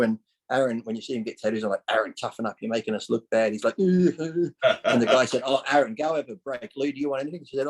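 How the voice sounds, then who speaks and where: The medium-pitched voice here is slightly rough, and the recording is rough too. It belongs to a man in his forties on a podcast who tells casual, lively stories, acts out what people said, swears freely and laughs often.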